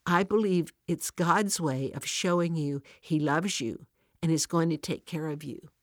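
A woman voicing a kind, caring churchgoing friend who speaks gently and reassuringly in a told story. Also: low voice, measured pace, no echo, studio quality.

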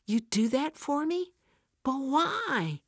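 A woman's voice: medium pitch, animated, normal speed, no room sound, studio quality, close to an everyday voice. A woman voicing a worried single mother near tears in a told devotional story, her voice rising as she pleads. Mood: distressed.

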